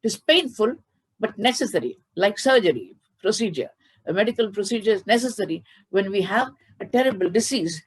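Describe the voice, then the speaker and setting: A woman's voice: mid-range voice, expressive, brisk, husky. A woman spiritual teacher giving a devotional discourse over a video call, telling stories with animation and chanting Sanskrit verses.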